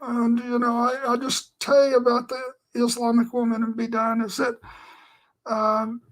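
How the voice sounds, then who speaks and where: A man's voice: extremely high pitch, monotone, normal speed, fairly bright tone, rough recording. A man giving an earnest personal testimony, telling his story in a meandering way with lots of filler phrases. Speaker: Christian speaker.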